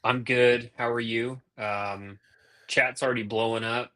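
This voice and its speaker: Bright-voiced man chatting on stream. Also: mid-range voice, steady tone, a little slow. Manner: chatty, easygoing, laughs often. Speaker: co-host. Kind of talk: casual stream chat.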